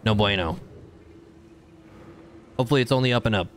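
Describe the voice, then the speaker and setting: A man streaming a video game live, chatting casually with his viewers and shouting at the screen during fights. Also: lowish voice, brisk, a little hiss or hum. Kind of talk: casual gameplay livestream chat.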